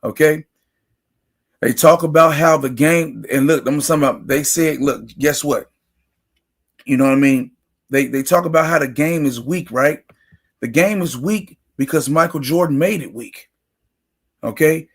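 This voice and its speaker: A man's voice: a little high, a little slow, pauses often, husky. A man hosting a sports talk livestream, ranting emphatically and greeting chat viewers by name. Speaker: sports talk show host. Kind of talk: casual livestream commentary.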